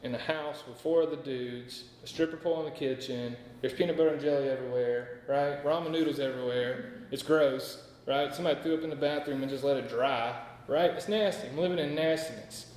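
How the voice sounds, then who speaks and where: A man's voice: medium pitch, fairly quick, hardly any pauses, a little mellow, a little hiss or hum. Man telling his story in an echoey hall. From North Carolina. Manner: candid, rambling, full of "like" and "right?". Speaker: AA speaker sharing his story. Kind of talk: personal recovery story told to a meeting. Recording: echoey hall with long reverb.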